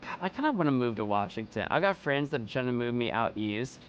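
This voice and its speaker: An excitable man chatting his way through a game stream. His pitch swings widely as he lurches from mumbled asides into high, incredulous outbursts. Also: fast, clear, resonant tone, dull audio. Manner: excitable, incredulous, jumps into loud high exclamations. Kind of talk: let's play commentary.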